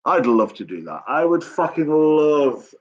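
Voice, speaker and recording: A man's voice: on the high side, big pitch swings, measured pace. Sweary, rambling man on a live chat. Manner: sweary, rambling and blunt, talking straight to chat. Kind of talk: casual live-stream chat. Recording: dull lo-fi stream audio.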